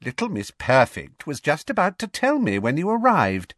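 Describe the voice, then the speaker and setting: A man's voice: a little high, wildly swooping pitch, moderate pace, a bit bright, no echo, clean studio sound, voice pushed up, heavily acted. A man reading an audiobook, voicing a nosy, sly middle-aged woman journalist with a sneering tone. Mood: prying.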